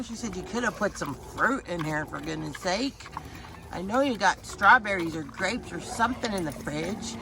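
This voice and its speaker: A woman's voice: animated, normal speed, creaky. A woman vlogging her morning farm chores outdoors, chatting to her animals in a sing-song voice and speaking for them. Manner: talks to animals in a high sing-song voice, voices what they think. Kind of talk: casual vlog narration while doing farm chores. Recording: noisy outdoor farm audio. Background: turkeys and fowl gobbling.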